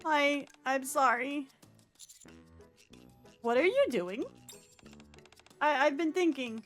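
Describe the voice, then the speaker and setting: A woman's voice: sits high, takes it slowly, faint music behind. A woman voicing a timid, clingy shut-in girl who stammers and apologizes in a panic. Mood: frantic.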